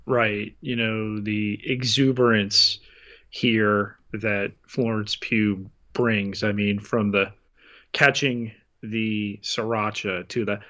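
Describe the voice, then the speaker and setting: A man with a mid-range voice who talks slowly and carefully, recapping a show on a podcast. His audio sounds dull and lo-fi, as if recorded on a lesser mic. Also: fairly low pitch, flat delivery, sharp tone. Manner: measured, recapping scenes. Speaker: podcast co-host. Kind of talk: casual chat.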